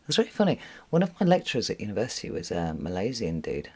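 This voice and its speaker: British woman, tarot reader hosting a home live stream. Casual, rambling, quick to laugh, swears freely. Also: extremely low pitch, big pitch swings, darkish tone, breathy edge. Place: room at home with a window.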